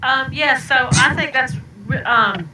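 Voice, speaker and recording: A woman's voice: sits high, slow pace. A woman with a Southern accent interviewing guests in a casual chat, hesitating with fillers as she asks questions. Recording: echoey, noisy, distant call audio.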